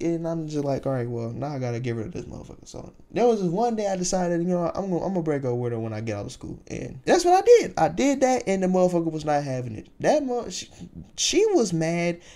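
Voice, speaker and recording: A young man rambles through a casual storytime, swearing freely and leaning on plenty of fillers. His voice sits high, with a somewhat dark tone.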